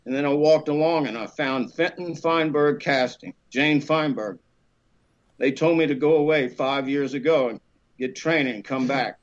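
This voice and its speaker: A middle-aged male actor telling a career story on a podcast, animated and loose, jumping into the high voices of the people he quotes. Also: normal speed. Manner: animated, acts out the women he quotes in a raised voice. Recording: slightly dull lo-fi sound.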